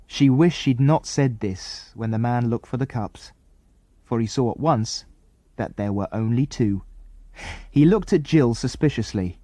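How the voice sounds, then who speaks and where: A man narrating a children's adventure audiobook in an expressive, lively reading style. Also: mid-range voice, a little slow, dry recording. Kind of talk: scripted storybook narration.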